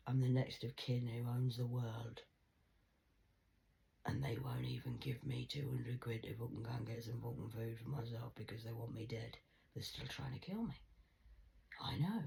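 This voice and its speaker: A woman's voice: rumbling low, expressive, a little fast, gravelly, warm tone. A woman vlogging a rambling, profane monologue full of rhetorical questions to her viewers.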